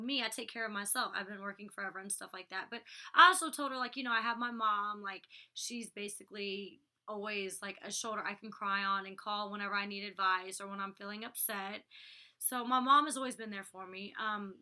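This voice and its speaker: In a relaxed vlog, a reality show cast member in her twenties recaps an episode, peppering her talk with "like" and "you know." Her mid-range voice has a bright, forceful tone.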